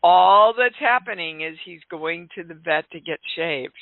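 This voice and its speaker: Woman radio host, slow and gravelly, blunt but chatty, on a thin, dry line. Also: fairly low pitch, no echo. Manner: chatty and direct, gently scolding callers. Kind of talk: call-in radio talk. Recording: dry, phone-like narrow sound.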